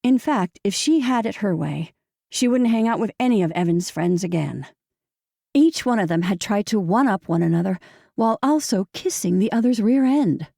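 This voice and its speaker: A woman reads a novel aloud with measured, steady pacing. Her voice is dark and mellow with a gravelly fry, and the close studio mic leaves it dry, with no room sound. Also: medium pitch, dry recording. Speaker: audiobook narrator. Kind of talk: scripted audiobook narration.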